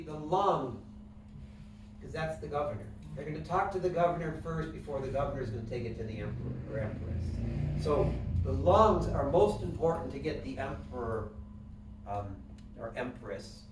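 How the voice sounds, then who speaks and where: A man leads a class as he teaches, pitched a touch high, explaining things plainly and checking in with his students through questions. He is caught from across the room, so his voice rings with heavy echo. A faint hiss sits under the recording. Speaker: wellness instructor. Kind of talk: classroom lecture with guided breathing. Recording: echoey room, mic from a distance.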